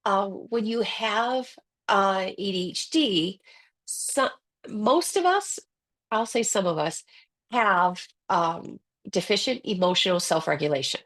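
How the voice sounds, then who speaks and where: A woman giving a conversational webinar lecture as a coach, lively and animated, acting out quoted voices. She speaks close to the mic. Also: medium pitch, takes it slowly. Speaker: ADHD coach presenting a webinar.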